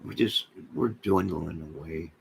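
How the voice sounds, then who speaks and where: A man with a low, gravelly voice rambles through a casual livestream chat, cracking deadpan jokes at his viewers. Faint noise hums under the recording. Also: measured pace, rough recording. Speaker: livestream host.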